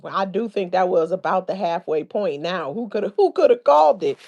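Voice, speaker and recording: A woman's voice: medium pitch, expressive, normal speed, few pauses, darkish tone, dull audio. A woman hosting a casual livestream, chatting and laughing a lot as she retells comments from her audience. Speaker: livestream host. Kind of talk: casual live-stream chat.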